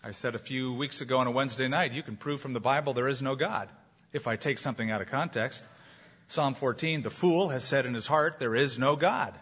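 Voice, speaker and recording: A man preaching an animated, emphatic sermon as pastor, with jokes along the way. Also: mid-range voice, breathy edge. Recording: dull lo-fi sound.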